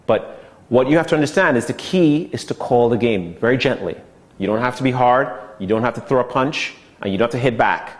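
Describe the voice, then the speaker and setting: A man's voice: medium pitch, a little fast. A man teaching an online sales course in a casual, conversational way, often checking in with "okay" and acting out short quoted lines. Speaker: sales trainer.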